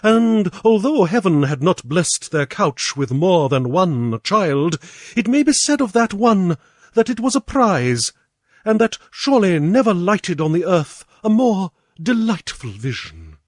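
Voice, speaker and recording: Expressive British man reading a story. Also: sits high, unhurried, no room sound, clean studio sound. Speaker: audiobook reader. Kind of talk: storybook narration.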